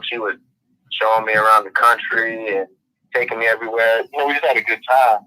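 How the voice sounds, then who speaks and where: A man's voice: on the low side, pushed and bright. A man from Florida calls in with a question and tells a long, rambling, casual story. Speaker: caller. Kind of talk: phone-in question. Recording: tinny phone line.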